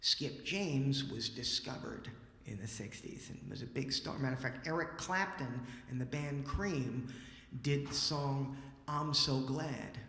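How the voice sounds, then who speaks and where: A man spinning a live story for an audience, animated and chatty, with a bright, forceful voice. It rings through a roomy hall with a long tail of reverb. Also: medium pitch, unhurried, creaky. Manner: lively, acts out dialogue, casual asides. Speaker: musician and storyteller on stage. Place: library event hall.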